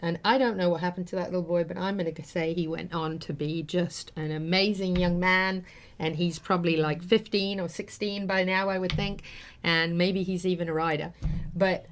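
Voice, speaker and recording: A woman's voice: fairly low pitch, fairly even intonation, moderate pace, slight background noise. A woman hosting a talk show, telling a personal story in an earnest, heartfelt, rambling way with many fillers. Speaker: host.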